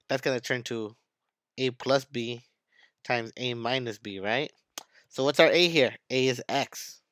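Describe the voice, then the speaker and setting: A man's voice: mid-range voice, a bit bright, clean tone, dry recording. A man teaching math in a video lesson, hyped and playful, talking straight to his students.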